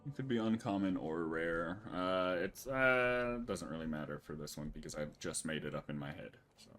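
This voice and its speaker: A man with a deep voice running a tabletop game for friends over a voice call. He sounds laid-back and curses casually, and his pitch swings widely as he talks. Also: expressive, moderate pace, fairly bright tone, faint music behind. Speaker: game master.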